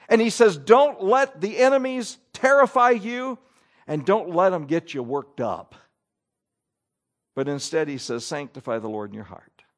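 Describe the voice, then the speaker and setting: Man, pastor, sermon, animated preaching, slightly high voice, lively intonation. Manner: animated preaching with rising and falling emphasis.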